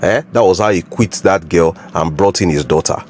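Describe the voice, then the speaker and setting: A man with a low voice comments calmly and with disapproval. His words sit over a faint hiss. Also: moderate pace.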